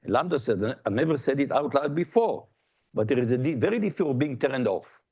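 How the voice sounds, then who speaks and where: A man's voice: mid-range voice, expressive, fairly quick, slightly rough, highs cut off. Man giving a conversational lecture. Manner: conversational, tells jokes and anecdotes, frequent restarts. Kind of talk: academic colloquium talk. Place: lecture hall.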